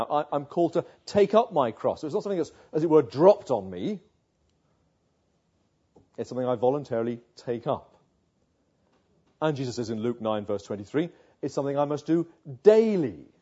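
Brief: male preacher, dark husky voice, earnest sermon delivery. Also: mid-range voice. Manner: earnest, rhetorical questions, builds to emphatic passages. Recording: muffled lo-fi sound.

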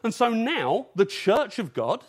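A man's voice: high voice, big pitch swings, a little slow, slightly rough. A man from England preaching an evening sermon in an earnest, urgent way, using rhetorical questions.

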